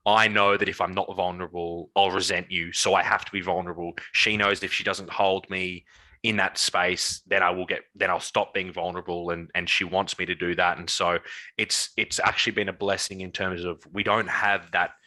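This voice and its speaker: A young man, a coach co-hosting a podcast, telling personal stories in an earnest, animated way with many restarts. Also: low voice, low-quality recording. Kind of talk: casual chat.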